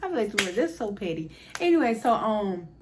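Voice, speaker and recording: A young woman spins a casual storytime for her viewers, talking straight to them. Her delivery is animated and blunt, with plenty of profanity. Her voice sits at an ordinary pitch for a woman. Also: normal speed, slight background noise. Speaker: storyteller vlogger.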